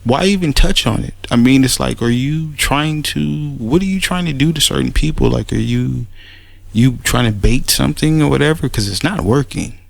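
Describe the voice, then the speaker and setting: A man's voice: mid-range voice, moderate pace, creaky, dry recording. A man giving a mocking, rambling spoken rebuttal, sarcastic and full of restarts. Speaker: commentator making a response audio.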